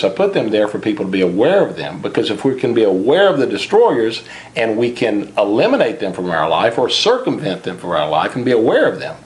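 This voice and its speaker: A man's voice: on the low side, darkish tone. A man being interviewed as the author of a finance book, talking earnestly and sometimes repeating a word as he starts a thought. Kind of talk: interview about personal finance.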